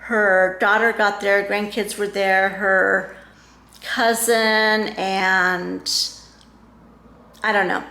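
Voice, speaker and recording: A woman's voice: mid-range voice, level tone, extremely slow, sharp tone. A middle-aged woman vlogger telling a story in a casual, emotional way, rambling with many restarts and fillers. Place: home room. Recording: echoey room.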